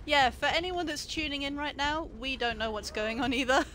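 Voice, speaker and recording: A woman streaming a game late at night from home, excitable, giggly and sweary as she commentates. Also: high voice, normal speed, slight background noise. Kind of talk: live gameplay commentary.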